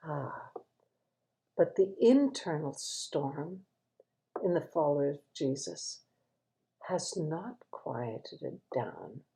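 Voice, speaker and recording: Lady doing a slow devotional reflection, goes almost whispery sometimes, really dark mellow voice. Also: low-pitched, very animated, vocal fry, rough recording. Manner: thoughtful, drops to near-whispers for emphasis.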